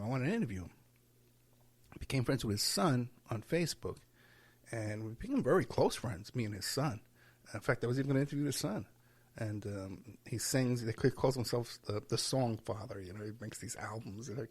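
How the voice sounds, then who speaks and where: Gravelly man rambling through a solo podcast. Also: medium pitch. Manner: rambling, self-interrupting, with chuckles. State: tired. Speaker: podcast host. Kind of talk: casual solo podcast monologue. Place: at home while packing.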